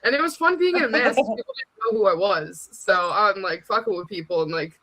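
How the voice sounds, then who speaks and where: A woman chatting casually as a guest, animated and slangy, laughing often. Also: medium pitch, brisk, dry recording, low-quality recording. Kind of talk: casual chat.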